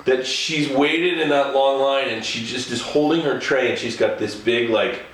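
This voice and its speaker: A man's voice: mid-range voice, steady tone, normal speed, fairly bright tone. A man telling a casual anecdote in a chatty way, often chuckling as he talks. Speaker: storyteller. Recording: echoey room, faint ambience.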